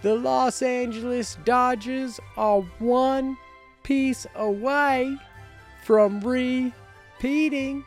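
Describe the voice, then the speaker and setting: A man voicing a pompous male town crier in a mock British accent, proclaiming loudly. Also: steady tone, extremely slow, faint music behind, full character voice. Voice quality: high, loud proclaiming.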